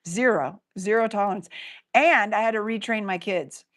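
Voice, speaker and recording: A woman's voice: medium pitch, normal speed, fairly bright tone. A middle-aged woman, a life coach, talking earnestly and reflectively as a guest in a casual interview.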